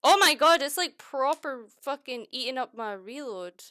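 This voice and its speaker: Excitable Scottish woman, bright close voice. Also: sits high, moderate pace, smooth, dry recording. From Scotland. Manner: excitable, exclaiming and swearing often. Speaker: streamer. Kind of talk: casual crafting chat.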